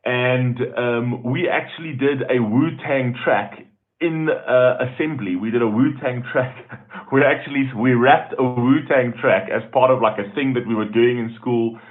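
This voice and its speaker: A man's voice: mid-range voice, unhurried. Tinny-sounding South African man chatting live. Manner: chatty, greets viewers by name, says "man" often. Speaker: YouTube host reading live chat. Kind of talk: casual live-stream chat. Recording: tinny phone-like audio.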